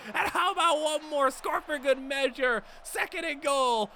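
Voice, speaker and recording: A hoarse young man giving excited commentary over a football video game, yelling at big plays and muttering between them. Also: very high voice, unhurried, hardly any pauses, a little hiss or hum. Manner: yells and groans over plays, swings from hoarse mutter to shouting. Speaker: gaming YouTuber.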